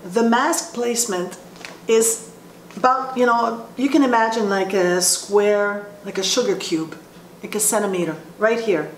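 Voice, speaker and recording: A woman voice teacher explaining vocal placement in a slow, halting way, often restarting her sentences. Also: medium pitch. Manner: explains slowly with frequent restarts. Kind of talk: instructional talk with sung demonstrations. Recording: roomy echo with faint ambient noise.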